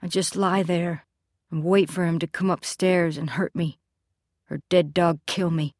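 Her voice fairly low, a woman audiobook narrator recounts a first-person story steadily and with measured pacing. The dry, close recording suggests a studio booth, leaving nothing around the voice.

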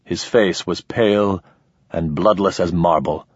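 Low, husky male narrator. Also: measured pace, dry recording. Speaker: audiobook narrator. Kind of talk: scripted narration. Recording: slightly dull lo-fi recording.

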